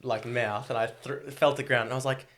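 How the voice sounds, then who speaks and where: A man's voice: mid-range voice, fairly even intonation, quick pace, a bit bright. A young Australian man in his twenties, a guest telling his story in a rambling, casual way full of fillers and swearing.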